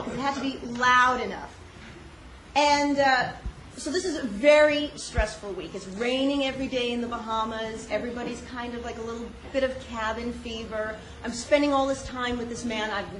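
A woman telling a personal story with animated delivery, frequent laughs and many fillers. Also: on the high side. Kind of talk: personal story told on stage. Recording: echoey room with noise.

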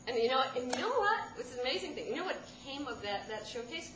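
A woman in her thirties telling a comic personal story to a live audience, rambling and self-deprecating, with sudden loud outbursts. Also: high-pitched, sing-song, fast. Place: stage in a room with a live audience. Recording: roomy live room with background noise.

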